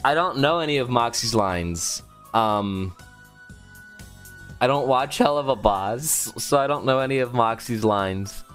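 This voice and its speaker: A man's voice: mid-range voice, animated, measured pace, fairly bright tone, soft background music. A man, a voice actor, chatting casually on a livestream in a playful, rambling way with lots of fillers. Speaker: voice actor streaming.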